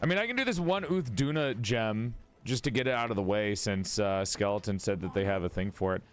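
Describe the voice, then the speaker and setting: A male streamer chatting casually over a game, his pitch leaping all over the place as he gushes and squeals. He is a little sleepy but stays excitable. Faint music plays underneath. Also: a little fast. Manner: excitable, gushing, swings into high squeals. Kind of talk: casual gaming livestream chat.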